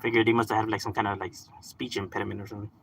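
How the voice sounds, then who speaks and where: A young man from Southern California chatting casually on a live stream, relaxed, swearing and laughing often. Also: lowish voice, rapid-fire, gravelly, slight background noise. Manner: laid-back, laughs often, drops swear words and slang. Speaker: livestream gaming host.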